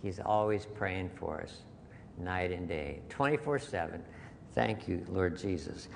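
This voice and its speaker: A man's voice: deep voice, unhurried, creaky. A man preaching a sermon as pastor, earnest and conversational, repeating key phrases for emphasis. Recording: long hall reverb with faint noise.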